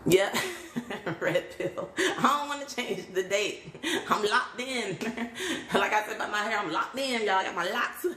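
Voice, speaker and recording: A woman's voice: medium pitch, takes it slowly, fairly bright tone. A woman hosting a casual live stream on her phone, chatting openly, laughing often and greeting viewers. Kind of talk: casual livestream chat. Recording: roomy echo.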